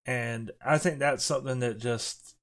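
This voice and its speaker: A man's voice: mid-range voice, steady tone, unhurried, a bit bright. Podcast co-host, man, thoughtful, leads discussion. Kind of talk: casual movie discussion.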